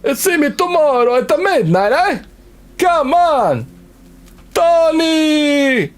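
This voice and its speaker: A man voicing a loud, teasing Italian-American shopkeeper who shouts in exaggerated Italian-flavoured English. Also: very high-pitched, big pitch swings, drawn-out words, voice pushed up, exaggerated voice. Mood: boisterous.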